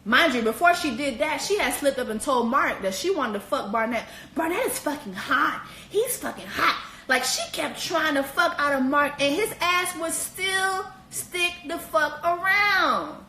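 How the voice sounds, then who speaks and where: A woman giving a blunt, profane, animated comedic recap full of slang. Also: high-pitched, moderate pace, hardly any pauses, slight background noise. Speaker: vlogger recapping a reality show. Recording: echoey room.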